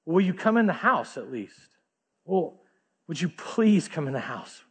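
A male preacher voicing a heartbroken father in his late fifties, pleading softly with his lost daughter. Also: on the high side, sing-song, a little slow, husky, heavily acted. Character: heartbroken middle-aged father pleading gently.

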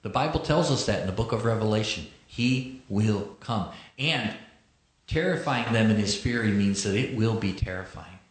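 A man preaching a sermon, reading scripture slowly and explaining it with conversational asides. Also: lowish voice. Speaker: pastor. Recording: echoey room.

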